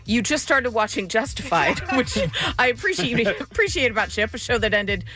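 A woman hosting a casual entertainment talk show, telling stories in a bubbly, animated way. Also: a little high, normal speed, faint music behind. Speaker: host. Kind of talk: casual chat.

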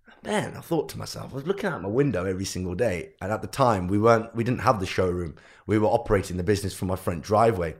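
A man's voice: fairly low pitch, fast. A young man, a guest entrepreneur, telling his life story in a podcast interview and acting out what his parents and teachers said. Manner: animated storyteller who acts out quotes of family.

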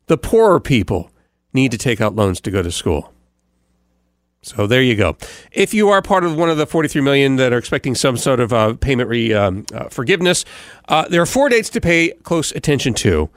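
A man's voice: medium pitch, dry recording, clean studio sound. A man who hosts a morning radio show, giving a casual rambling recap with many fillers and restarts. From United States. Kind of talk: casual podcast recap monologue.

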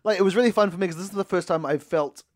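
A New man in his thirties with a fairly high voice, chatting casually as a podcast co-host. He tells stories playfully and laughs often. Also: very fast. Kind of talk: casual chat.

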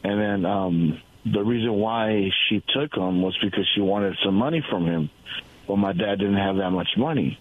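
A man's voice: on the low side, normal speed. A male caller sharing an earnest testimony over the phone, repeating words for emphasis. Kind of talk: call-in testimony. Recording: tinny phone line.

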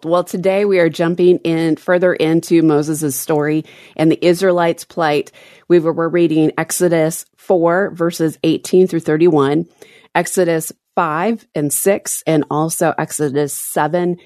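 Enthusiastic low-voiced woman podcast co-host. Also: steady tone, a little slow, warm tone, no room sound, clean studio sound. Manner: enthusiastic, acts out voices in quoted lines. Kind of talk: casual Bible reading chat.

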